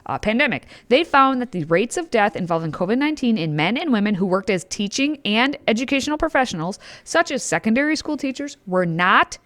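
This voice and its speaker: A woman's voice: on the high side, sing-song, brisk, hardly any pauses, fairly bright tone. A woman co-hosting a political talk show, reading news with sarcastic asides and playful sound effects. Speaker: co-host.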